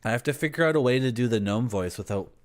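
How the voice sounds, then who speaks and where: A young man streaming gameplay live, drifting into long deadpan tangents with an absurd streak. His talk is conversational and easygoing, delivered at an everyday middle pitch. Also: fast talker.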